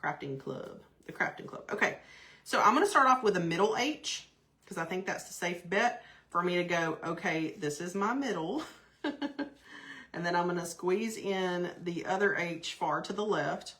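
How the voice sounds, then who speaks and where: A woman's voice: lowish voice, normal speed, a bit bright. A woman hosting a live craft stream, chatty and gushing, greeting viewers by name. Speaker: craft host.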